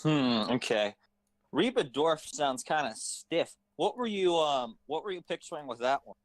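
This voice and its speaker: A man's voice: fairly high pitch, animated, unhurried, dry recording, low-quality recording. Hesitant man directing over a dry phone. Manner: hesitant, rambling with many fillers. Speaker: writer and director. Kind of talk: casual directing chat.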